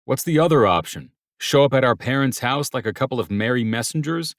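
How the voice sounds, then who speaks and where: A man's voice: mid-range voice, expressive, fairly quick, no echo, studio quality, voice pushed up, natural voice. A man voicing a pushy, impatient adult brother in an audiobook, speaking bluntly. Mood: insistent. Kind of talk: audiobook character voice.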